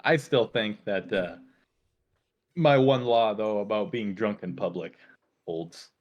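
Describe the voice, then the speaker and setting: A young man co-hosting a casual podcast, telling stories in an animated, playful way and slipping into silly voices. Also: on the low side, slow, highs cut off. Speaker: podcast co-host. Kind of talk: casual chat.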